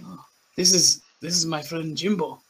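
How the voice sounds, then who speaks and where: A man's voice: on the high side, fairly even intonation, normal speed, creaky, slightly rough, heavily acted. A man playing a male dwarf adventurer who grumbles and teases dryly.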